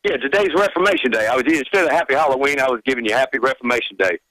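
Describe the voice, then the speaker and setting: A man's voice: medium pitch, racing, fairly bright tone, dry recording, poor audio. A man calling in to a radio show, rambling and chatty with many fillers. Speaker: caller. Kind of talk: phone-in call to a radio show.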